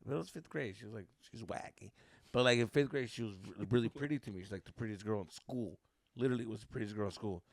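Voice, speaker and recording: A man's voice: fairly low pitch, quick pace, no echo. A young man co-hosting a podcast, telling a story in casual chat, swearing freely and dropping Spanish slang. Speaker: podcast co-host.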